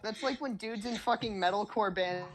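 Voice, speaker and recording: A woman's voice: medium pitch, moderate pace, a loud crowd. A woman co-hosting a podcast, talking bluntly and swearing in casual chat. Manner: blunt, profane, laughing asides. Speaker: podcast co-host.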